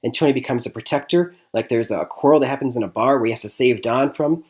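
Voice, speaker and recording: A man's voice: medium pitch, fast talker, a little mellow. Chatty man from Michigan reviewing movies. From Michigan, USA. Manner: chatty, repeats "I mean" and "like I said", laughs often. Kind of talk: casual spoken movie review.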